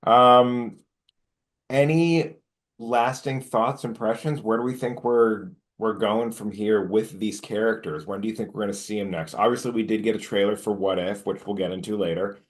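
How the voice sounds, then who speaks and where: A man co-hosting a casual podcast, with a lowish voice that jumps up excitedly when he retells his own reactions. He talks informally and swears freely. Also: moderate pace. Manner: animated retelling, pitch jumps when quoting himself. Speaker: podcast co-host. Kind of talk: casual chat.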